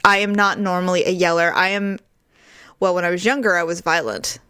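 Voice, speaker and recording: A middle-aged woman co-hosting a podcast, chatting casually and acting out quoted voices in an animated way. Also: lowish voice, brisk, smooth, no room sound, clean studio sound. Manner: animated storyteller, acts out quoted voices with big jumps. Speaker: podcast co-host. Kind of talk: casual chat.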